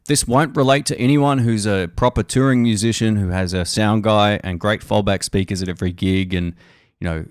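A man who plays guitar, hosting a podcast and talking casually about music and gear in a relaxed, rambling way full of fillers and restarts. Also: fairly low pitch, smooth, no room sound, clean studio sound. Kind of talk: casual chat.

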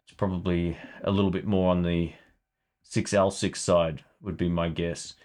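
A man's voice: low-pitched, flat delivery, moderate pace, darkish tone. A man hosting a casual live stream about guitar gear, chatting loosely and thinking aloud.

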